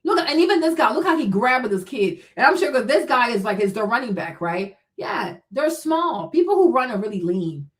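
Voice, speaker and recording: A woman's voice: on the high side, sing-song, normal speed, few pauses. A woman hosting a livestream, giving heated, blunt, profane commentary and talking back to her chat. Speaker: livestream host.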